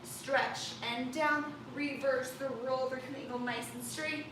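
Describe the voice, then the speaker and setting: A woman teaching an online ballet class, giving calm step-by-step cues and counts. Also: high voice, unhurried, noisy background. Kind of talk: online dance class instruction. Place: dance studio. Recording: roomy studio with distant mic. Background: loud class music.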